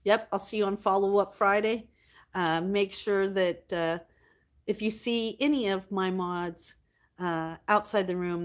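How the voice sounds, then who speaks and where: A woman hosting her livestream, chatting casually with viewers, reading their comments aloud and thanking them warmly. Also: medium pitch, unhurried. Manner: affectionate, thanks viewers often. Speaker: livestream host.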